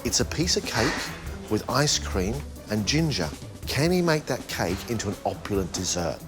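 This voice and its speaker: A man judging a cooking competition in voice-over, weighing up each dish in a measured way. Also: on the low side, big pitch swings, over music. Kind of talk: voice-over commentary.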